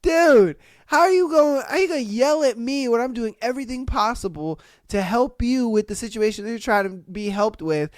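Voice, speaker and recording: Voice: medium pitch, fairly quick, hardly any pauses, no room sound, studio quality. Profane, incredulous podcast host. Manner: profane, loudly incredulous reactions. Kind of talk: reading and reacting to stories.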